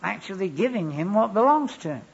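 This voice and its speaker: A man's voice: sits high, sing-song, fairly quick, creaky, husky. A man preaching a sermon and telling a wry, humorous story from his past. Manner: wry humorous anecdotal delivery. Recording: dull lo-fi recording.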